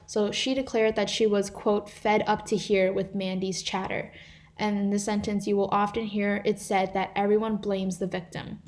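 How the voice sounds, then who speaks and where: A woman's voice: medium pitch, a little mellow. A teenage girl volunteering as a tutor, explaining grammar examples from slides in a live online class, with a few fillers and restarts. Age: teens.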